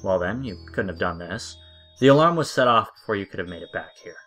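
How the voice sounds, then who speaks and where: Matter-of-fact firefighter, brisk report, low voice, voiced by a male narrator. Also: expressive, fairly bright tone, soft background music.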